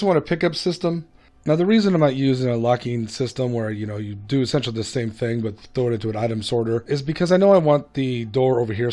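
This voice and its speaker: A man's voice: medium pitch, a little mellow. A man hosting a gaming video, giving casual gameplay commentary in a chatty, self-mocking way. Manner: chatty, self-mocking, hums and laughs to himself.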